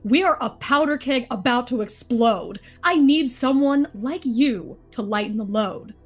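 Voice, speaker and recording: A woman's voice: fairly high pitch, measured pace, breathy edge, soft background music. A woman voicing a weary adult male general leading outnumbered troops, delivering the lines in a rhythmic, rap-like way. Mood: earnest. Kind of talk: live dramatic read-through of a musical.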